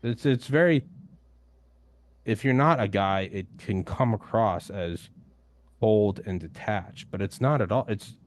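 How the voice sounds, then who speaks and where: Speaking at a measured pace in a lowish voice, a young adult podcast host takes part as a guest in a casual roundtable. He's blunt, emphatic and swears a lot, and the recording is dry.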